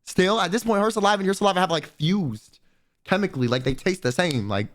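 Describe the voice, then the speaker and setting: Talking fast in a high voice, this young streamer spins a profane, lively story in casual conversation, imitating the people he quotes with put-on voices.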